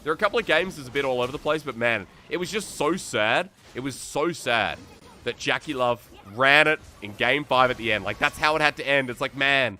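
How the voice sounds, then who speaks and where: Aussie guy casting esports solo, bright voice, hypes the plays and chats with chat. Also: mid-range voice, fairly quick, slight background noise. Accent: Australian. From Australia. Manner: excitable, chatty, thinks aloud. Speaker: esports caster. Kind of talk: solo play-by-play commentary and chat. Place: New South Wales.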